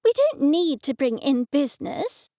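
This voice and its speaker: A woman's voice: big pitch swings, a little slow, dark tone, dry recording, clean studio sound. A woman voicing a prim, pious older mother who scolds and takes offence. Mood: indignant. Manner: shrill, scolding and indignant.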